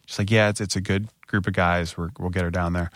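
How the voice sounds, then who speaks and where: A man in his thirties, a podcast co-host, telling a candid story and jumping up in pitch when he quotes himself. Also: quick pace, no echo, clean studio sound. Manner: animated retelling, voice rising when quoting himself.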